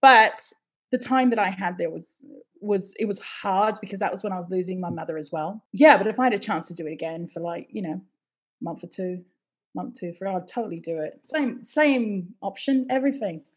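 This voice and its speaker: A middle-aged woman from the United States, a stage performer chatting as an interview guest, telling lively stories with laughter and the odd swear word. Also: medium pitch, moderate pace. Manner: animated storyteller, swears, laughs often. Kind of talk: casual interview chat.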